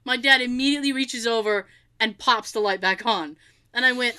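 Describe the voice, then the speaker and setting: A woman's voice: a little high, moderate pace, bright, forceful tone. A middle-aged woman telling a funny family story in casual chat, acting out the quotes and laughing often.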